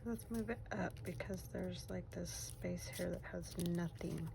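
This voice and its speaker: A middle-aged woman chatting casually as she works through a craft project at home, rambling and soft-spoken. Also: fairly low pitch, a little slow, vocal fry. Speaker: crafting vlogger. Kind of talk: casual craft-along chat. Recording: faint background noise.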